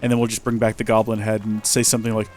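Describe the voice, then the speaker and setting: A man's voice: on the low side, monotone, very fast, music in the background. A man chatting and joking as a let's play host, rambling as he plays. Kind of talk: gameplay commentary.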